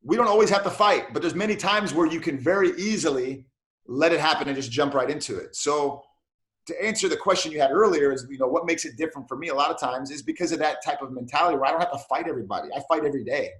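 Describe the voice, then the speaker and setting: This cop and martial arts black belt recounts stories with animation during a casual interview, voicing the dialogue himself. He has a fairly high pitch and a quick pace, with reverberant audio.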